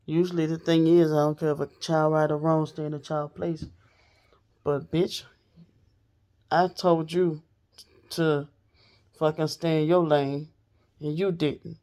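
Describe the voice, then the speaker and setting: A woman's voice: sits low, flat delivery, unhurried, long pauses, warm tone. A woman telling a personal story straight to her viewers in a casual, blunt, profane way. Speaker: storytelling vlogger.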